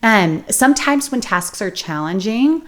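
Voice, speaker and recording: A woman in her thirties hosts a relaxed conversation. Her voice sits in the middle range, and she talks in a chatty, lively way, telling stories with a laugh in her voice. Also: medium pitch, unhurried. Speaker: host. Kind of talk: casual conversation.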